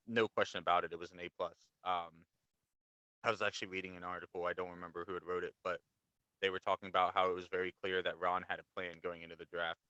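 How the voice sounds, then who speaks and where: Male sports podcast co-host, low and bright-toned, laid-back and talkative. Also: smooth, no room sound, lo-fi sound. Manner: laid-back, explains at length with fillers. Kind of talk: casual sports chat.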